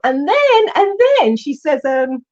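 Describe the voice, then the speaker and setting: A woman, a coach telling stories in an animated way, with exclamations and restarts. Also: sits high, takes it slowly, highs cut off. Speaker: coach and Huna teacher. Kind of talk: storytelling in a recorded online session.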